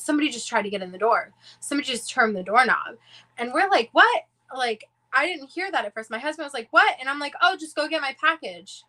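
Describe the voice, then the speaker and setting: A woman's voice: fairly high pitch, pushed and bright, poor audio. A woman in her twenties chatting casually on a livestream, rambling and restarting her sentences as she talks. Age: 20s. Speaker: diamond painting livestream host.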